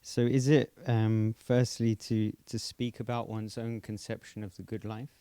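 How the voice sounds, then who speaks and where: A man in the audience asking a halting question with many pauses. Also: fairly low pitch, little pitch movement, warm tone, clear, resonant tone, no echo. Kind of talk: hesitant spoken question.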